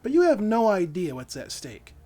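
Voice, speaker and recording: A man's voice: high voice, huge pitch swings, normal speed, warm tone, pitched above the performer's own voice, exaggerated voice. A man voicing a cruel, playful female villain in a storybook reading, with a mocking, teasing delivery. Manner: mocking, teasing sing-song lines.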